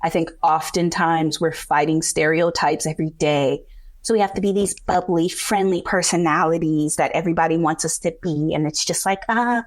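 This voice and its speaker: Low-voiced woman hosting a candid podcast chat. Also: steady tone, moderate pace. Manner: candid, swears freely, laughs often. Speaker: podcast host. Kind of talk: casual chat.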